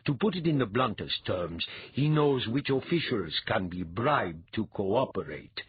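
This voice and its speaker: A shrewd priest envoy speaks in a low, husky voice, measured and dryly wry, as a man reads him. The sound is thin and phone-like, bone dry. It is a storybook figure who chooses his words carefully. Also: sing-song, no echo, full character voice. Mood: grave. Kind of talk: audiobook character voice.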